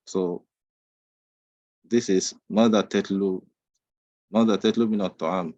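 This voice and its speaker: Male language teacher for an online class: low, patient, clear explanations, dull lo-fi call audio, dry. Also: dry recording. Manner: patient, explains slowly in English between Arabic drills. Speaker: Arabic teacher.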